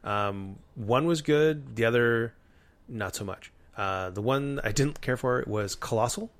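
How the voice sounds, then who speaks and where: A man co-hosting a podcast who talks in a measured, casual way, often pausing with "um" and "uh". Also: medium pitch, fairly bright tone. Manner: measured, with frequent "um" and "uh". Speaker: podcast co-host. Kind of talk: casual chat.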